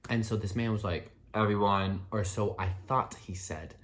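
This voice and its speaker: Young guy rambling through a storytime, lots of likes, lowish voice that jumps up when he gets worked up. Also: normal speed. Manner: rambling, many "like" fillers, jumps up in pitch when excited. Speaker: vlogger. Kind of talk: casual storytime chat.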